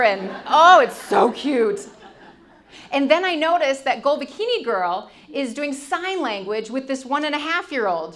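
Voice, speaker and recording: A middle-aged woman, giving a storytelling stage talk and acting out the voices she quotes. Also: sits high. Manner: animated, acts out quoted voices. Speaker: speaker.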